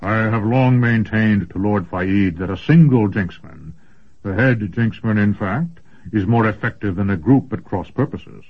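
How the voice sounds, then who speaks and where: A man voicing a massive, gruff old male sorcerer who speaks in a rumbling, lecturing way. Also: measured pace. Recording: dull lo-fi recording.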